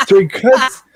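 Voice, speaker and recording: A man's voice: very high-pitched, a bit bright, no echo. A man from Ireland telling a rambling, laughing anecdote as a livestream host, acting out the voices in it. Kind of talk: casual storytelling on a livestream.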